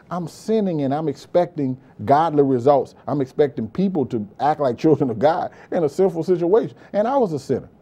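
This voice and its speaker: A man's voice: fairly high pitch, mellow. A male pastor preaching a sermon with impassioned repetition, often calling out to listeners as beloved. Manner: impassioned preaching, frequent "beloved" and "praise God", repetitive emphasis.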